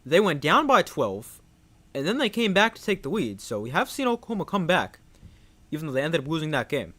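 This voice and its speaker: A young man giving live play-by-play commentary on a football game, growing excited on big plays. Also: a little high, brisk. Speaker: play-by-play streamer.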